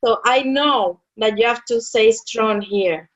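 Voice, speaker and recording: A woman with a slightly high voice takes her time tutoring a Spanish lesson, patiently explaining rules step by step. She repeats key words and checks that her student is following, and the recording sounds dull and lo-fi.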